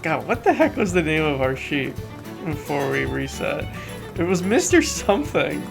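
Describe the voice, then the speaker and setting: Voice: mid-range voice, sing-song, moderate pace, gravelly, over music. A game streamer chatting casually with a co-host and reading game dialogue aloud in a playful way. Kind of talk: casual chat while playing a game.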